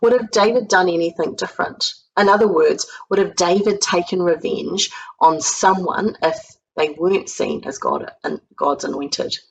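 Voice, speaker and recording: A woman with a New Zealand accent giving a sermon as a guest speaker, retelling a Bible story in a lively way and acting out the quoted lines with a raised voice. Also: lowish voice, normal speed, vocal fry, husky, low-quality recording. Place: home recording for an online church service.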